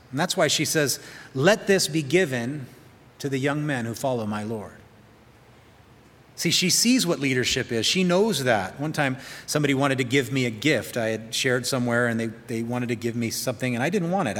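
A man preaching a storytelling sermon at a middle pitch. He drops into a softer voice for quoted lines. His voice rings with a long hall reverb. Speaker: pastor.

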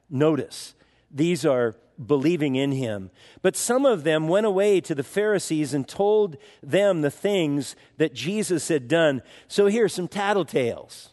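A man's voice: a little high, a little mellow, in a large hall. A man pastor giving an expository sermon in a conversational way, with wry asides.

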